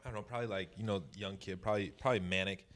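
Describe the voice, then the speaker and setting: A man's voice: deep voice, steady tone, very fast, fairly bright tone. A man from Oregon hosting a podcast, telling stories in rambling, profane casual chat full of restarts. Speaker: podcast host. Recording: noisy recording.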